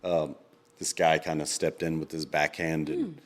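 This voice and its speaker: A man co-hosting a podcast in casual chat, rambling with lots of ums and quick laughs. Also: extremely low pitch, steady tone. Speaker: podcast co-host.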